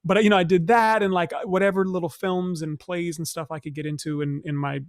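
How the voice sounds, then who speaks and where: Soft-spoken young man with gravelly tone. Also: high-pitched, steady tone, a little fast, dry recording, studio quality. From Northern California. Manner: soft-spoken, reflective, frequent fillers and restarts. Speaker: interview guest, stage actor. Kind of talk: casual interview storytelling.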